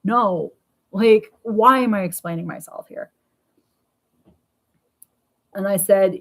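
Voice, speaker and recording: A woman's voice: mid-range voice, slow, pauses often. Blunt, sweary woman vlogging from home. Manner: blunt, sweary, animated retelling. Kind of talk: casual diary vlog. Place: at home indoors.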